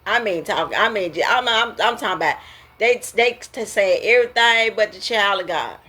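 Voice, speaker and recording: A woman hosting a casual talk about emotions, preachy and quick to laugh. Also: medium pitch, pushed and bright, slightly rough. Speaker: host.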